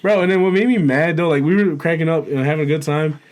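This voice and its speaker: A young man co-hosting a podcast, telling a story in casual chat, animated and profane, laughing as he goes. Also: fairly high pitch, quick pace. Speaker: podcast co-host.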